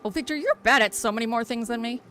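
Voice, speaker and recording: A woman's voice: a little high, quick pace, pushed and bright, soft background music. A woman streamer chatting casually while she plays, teasing her friend and swearing freely. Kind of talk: casual live-stream chat while gaming.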